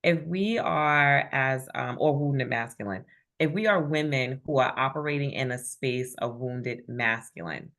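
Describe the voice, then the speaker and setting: A woman's voice: extremely low pitch, measured pace, a bit bright. A woman facilitating a spiritual group call, affirming members and reading chat comments aloud.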